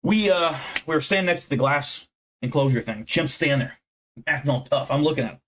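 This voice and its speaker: A man's voice: on the high side, animated, brisk, fairly bright tone, slight background noise. A young American man hosting a casual livestream, boasting and swearing as he rambles to his chat. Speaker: livestream host.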